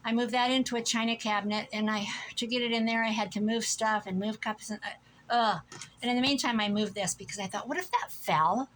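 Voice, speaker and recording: A woman's voice: on the high side, steady tone, brisk, a bit bright, slight background noise, rough recording. Gushing, chatty middle-aged woman. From Iowa, USA. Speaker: thrift vlogger. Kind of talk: casual chat to camera. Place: home room.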